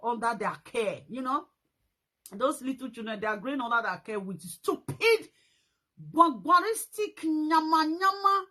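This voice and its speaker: A woman's voice: on the high side, fairly bright tone, poor audio. A Nigerian woman vlogging a scolding rant, repeating her points and mixing in pidgin slang. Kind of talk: ranting commentary vlog.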